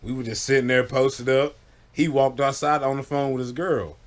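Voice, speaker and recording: A vlogger tells stories casually to the camera in a medium-pitched, fairly even voice at a moderate pace. He's laid-back and profane, often checking in with listeners and repeatedly saying "you know what I'm saying."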